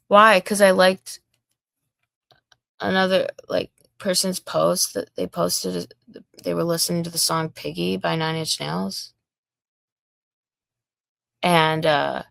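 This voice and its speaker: Slow, gravelly woman mocking on a livestream. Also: medium pitch, fairly even intonation, no echo, studio quality. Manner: mocking, taunting, profane. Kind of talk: casual ranting livestream monologue.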